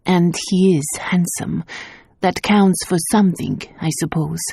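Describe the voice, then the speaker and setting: A woman's voice: on the low side, steady tone, unhurried, creaky, mellow, breathy edge, no room sound, clean studio sound, heavily acted. Woman reading as a languid, vain noble mother. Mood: resigned. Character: vain aristocratic mother, fond of jewels.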